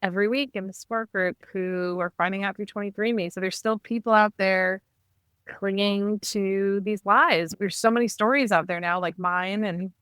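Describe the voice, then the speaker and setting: A woman guest on a podcast, telling a personal family story in an animated, conversational way. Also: medium pitch, normal speed, clean tone, dry recording. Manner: animated, acts out quoted dialogue.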